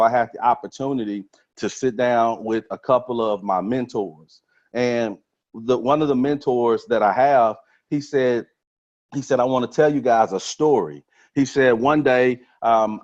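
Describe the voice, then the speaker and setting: A man giving an energetic motivational talk on a webinar, repeating phrases for emphasis. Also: medium pitch. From Texas. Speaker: motivational speaker on a trading webinar. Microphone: webinar call mic. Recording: slightly dull lo-fi webinar audio.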